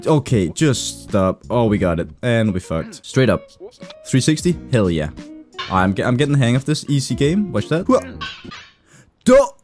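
A young man commentating his own gameplay, getting frustrated and cursing often with sudden excited outbursts. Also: medium pitch, moderate pace, soft background music. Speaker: gaming video host. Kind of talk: let's play commentary.

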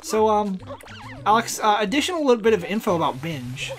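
A man co-hosting a let's play in casual chat, excitable, laughing often and swearing freely. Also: sits high, fairly quick.

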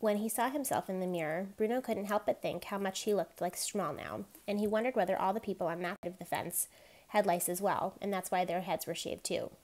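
A woman reading a novel aloud, gently giving each character a light voice of their own. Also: mid-range voice, fairly quick. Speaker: reader.

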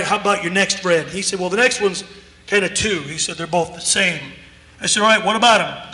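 A man's voice: high-pitched, sharp tone. A man preaching a sermon in a church, telling a story emphatically and acting out both sides of a conversation. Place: church sanctuary. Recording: echoey church hall with long reverb.

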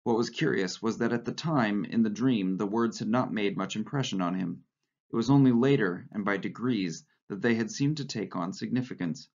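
A male teacher reading a novel aloud to his class in a steady voice, with brief asides and small slips. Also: on the low side, normal speed. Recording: slightly dull lo-fi recording.

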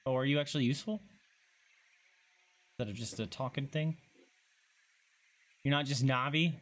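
A man streaming a video game in casual let's-play commentary, gushing and excitable, squealing and swearing as he plays. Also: mid-range voice, normal speed. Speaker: gaming streamer.

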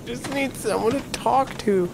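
A man's voice: very high voice, a little slow, creaky, background noise. A man riffing comedically on a video game with crude jokes and dry punchlines. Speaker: game commentator. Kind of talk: comedic let's-play riffing.

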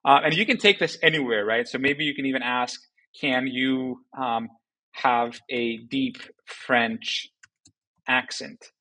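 A man presenting a software tutorial in a loose, conversational way, with many fillers and tag questions. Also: mid-range voice, slow pace, low-quality recording. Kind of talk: casual screen-recorded tutorial.

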